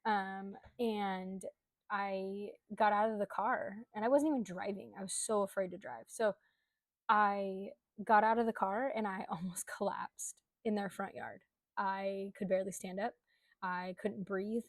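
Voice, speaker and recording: A woman's voice: medium pitch, fairly even intonation, measured pace, dry recording. Candid woman telling her own story. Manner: candid, conversational, with frequent um and like. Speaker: coach. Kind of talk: personal storytelling vlog.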